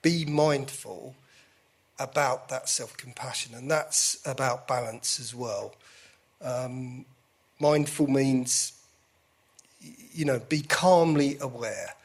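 A man's voice: medium pitch, slow pace, breathy edge. A man speaking as a guest in a candid conversation, self-deprecating and jokey.

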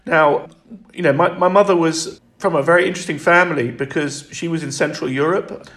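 A man speaking as an interview guest in reflective conversation, halting and restarting often. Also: a little high, fairly even intonation, a bit bright, roomy sound.

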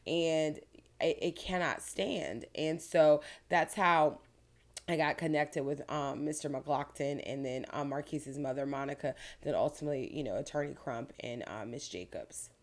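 A woman from Florida, an attorney, lays out events in earnest detail. Her voice sits very low. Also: a little slow. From Pinellas County, Florida. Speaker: guest attorney. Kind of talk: interview answers.

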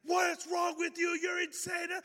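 A man voicing an alarmed, stern father who yells at his kids in a frantic burst. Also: very high voice, monotone, measured pace, in a large hall, voice pushed up, exaggerated voice. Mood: panicked angry. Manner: loud, frantic yelling.

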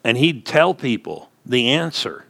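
Male pastor, mid-pitched, folksy sermon storyteller with emphatic swells. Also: big pitch swings, measured pace, creaky, sharp tone. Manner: folksy storytelling preacher, rising emphatic punches.

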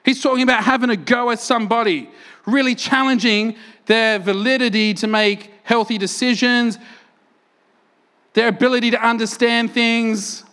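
Animated high-voiced male preacher. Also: normal speed, clean tone. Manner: animated storytelling, acts out quotes loudly. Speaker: pastor. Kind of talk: sermon.

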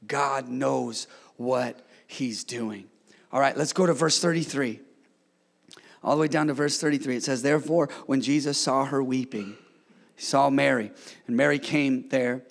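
A middle-aged man preaching a sermon as pastor, swinging from hushed tones to shouted calls for the congregation to answer. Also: medium pitch, a little slow, creaky, long reverb tail. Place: church sanctuary.

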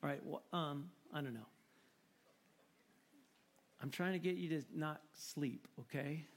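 A man preaching a sermon in an animated, joking way, often repeating words for emphasis. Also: fairly high pitch, unhurried, a little hiss or hum. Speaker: pastor.

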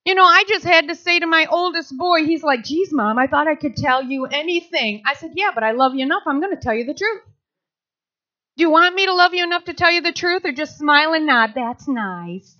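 Bright-voiced woman pastor, conversational sermon. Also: high-pitched, a little fast. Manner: conversational, acts out little quoted voices. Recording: dull lo-fi sound.

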